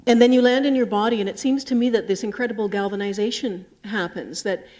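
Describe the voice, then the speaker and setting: A woman's voice: medium pitch, fast, darkish tone. Brief: woman interviewer on stage, long winding questions, stammers at the start. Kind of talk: onstage interview. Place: public library stage.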